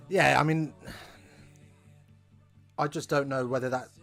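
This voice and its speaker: A man's voice: medium pitch, fairly even intonation, a little slow, vocal fry, fairly bright tone, faint music behind. Chatty man hosting a watch-along. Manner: chatty, rambling, wry asides. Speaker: host of a live rugby watch-along. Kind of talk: casual live watch-along commentary. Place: at home.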